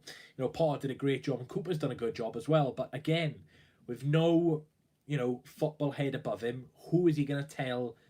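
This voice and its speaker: A man's voice: medium pitch, darkish tone. A young man talking on his own live stream about his football club, rambling and worried, with plenty of fillers and restarts. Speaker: football fan livestreamer. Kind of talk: casual live-stream commentary.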